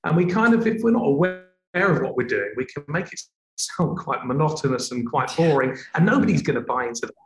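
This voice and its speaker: A man who works as a TV presenter, explaining his technique in an expressive, tone-varied way. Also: a little high, fairly quick, reverberant, rough recording. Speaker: TV presenter, guest.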